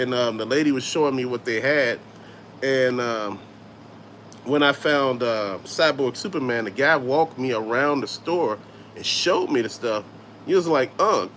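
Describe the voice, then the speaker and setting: A middle-aged man with a Southern drawl talks loosely and swears freely, rambling through stories as he hosts a livestream. His voice sits at an ordinary middle pitch, and a faint hum of noise runs under it. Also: a bit bright. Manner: laid-back, swearing, storytelling, reads chat aloud. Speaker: toy collector livestream host. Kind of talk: casual livestream chat.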